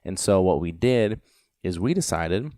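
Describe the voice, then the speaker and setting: A man's voice: sits low, expressive, a little slow, dark tone, dry recording, clean studio sound. A man in his thirties, a podcast host, telling a casual story with lots of rambling "you know" fillers. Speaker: podcast host and dog trainer.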